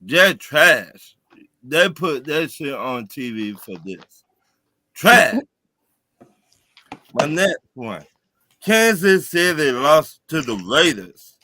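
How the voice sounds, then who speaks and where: Slow, animated man mocking teams. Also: a little high, slight background noise. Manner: mocking, drawn-out and sing-song, cries out in mock grief. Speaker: podcast co-host. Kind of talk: casual sports banter.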